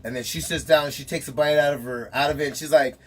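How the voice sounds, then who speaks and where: Guy telling a story, slightly high voice, acts out the quotes, faint hiss in the background. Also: quick pace. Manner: animated storyteller, acts out quotes, laughs a lot. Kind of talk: casual storytelling chat.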